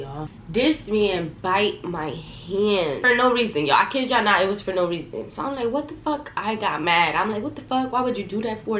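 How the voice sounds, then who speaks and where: Young woman doing a storytime vlog, lowish voice, cussing and talking right at viewers, echoey room w faint background hum. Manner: animated, profane, talks straight to viewers. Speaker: vlogger.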